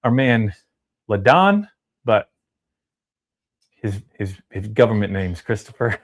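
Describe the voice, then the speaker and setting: A man's voice: fairly low pitch, big pitch swings. Upbeat man hosting a livestream. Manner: upbeat, chatty, reads names and donations in quick lists. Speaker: livestream host reading super chats. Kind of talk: casual livestream chat.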